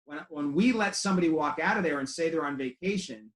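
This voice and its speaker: A man's voice: on the high side, quick pace. Man coaching chiropractors, echoey room. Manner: conversational storytelling with acted quotes. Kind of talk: training talk to chiropractors.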